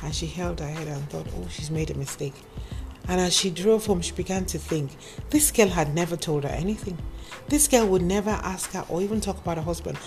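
A woman tells a cautionary story in a lively, lecturing way and speaks straight to her listeners. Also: lowish voice, brisk, soft background music. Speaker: advice speaker. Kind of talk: moralizing storytelling monologue.

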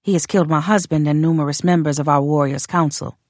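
A woman voicing a proud northern warrior queen who speaks in a measured, formal and quietly contemptuous way. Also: low voice, steady tone, dry recording. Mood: cold, demanding. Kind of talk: audiobook character reading.

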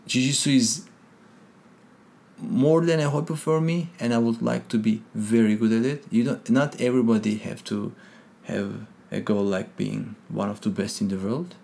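Animated man telling a fight story. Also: fairly low pitch, normal speed, vocal fry. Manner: animated, acts out quotes, non-native grammar. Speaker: guest, jiu-jitsu competitor. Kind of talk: casual storytelling interview.

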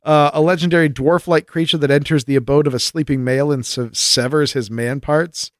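A man's voice: a little high, a little fast, no room sound, clean studio sound. A man co-hosting a podcast, reading listener mail aloud in casual banter and laughing often. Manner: jokey, laughs often, lively delivery. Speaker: podcast co-host.

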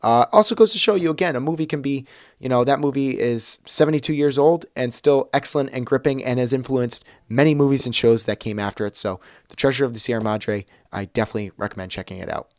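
A man at a mid pitch chats casually as a podcast co-host. He runs the segment clock in a relaxed, easy way. His voice is close and dry, with no room sound around it. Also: fast, dry recording.

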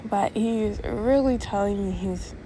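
A young woman vlogging at home, high and upset, rambling through a sweary confessional rant and laughing nervously between phrases. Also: measured pace, dark tone, a little hiss or hum. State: upset, near tears. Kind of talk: casual confessional vlog rant. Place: home, indoors.

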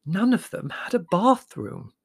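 A man voicing a flustered, proper English mother who speaks breathlessly and squeaks. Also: wildly swooping pitch, brisk, gravelly, slightly rough, dry recording, studio quality, heavily acted. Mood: astonished.

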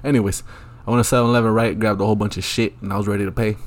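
A man's voice: on the low side, flat delivery, very fast. A man hosting a solo podcast, rambling through a profane, crude rant with lots of ums and asides. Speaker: podcast host.

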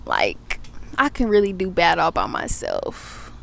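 Animated, profane young woman telling a story. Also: lowish voice, a little slow, vocal fry. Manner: profane, animated retelling of her day. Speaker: podcast host. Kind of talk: casual storytelling monologue.

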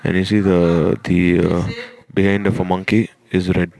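Low gravelly guy telling a devotional story, flat voice, slow and halting.

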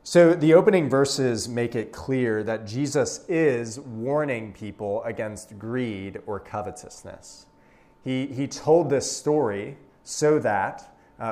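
A man's voice: on the low side, darkish tone. A young man, preaching a sermon to a room in a conversational, folksy way with asides.

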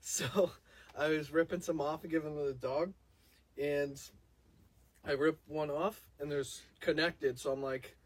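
A man's voice: on the high side, steady tone, unhurried, pauses often, no echo. A man co-hosting a casual podcast chat, rambling and laughing, with the hiccups and a few drinks in him. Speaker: podcast co-host.

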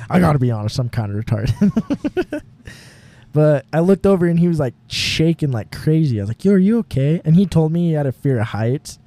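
A young man with a medium-pitched, mellow voice co-hosts a podcast from a home garage. In casual chat he tells a long, rambling story packed with fillers, laughing often.

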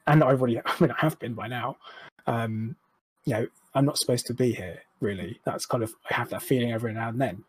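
A young man speaks openly and at length, drifting off on tangents and correcting himself as he goes. His voice sits at an ordinary middle pitch. The recording is dry and close, with no room sound. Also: fast talker, husky, dry recording. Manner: rambling, frank, self-deprecating, with restarts and swearing. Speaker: interview guest. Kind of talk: candid personal conversation.

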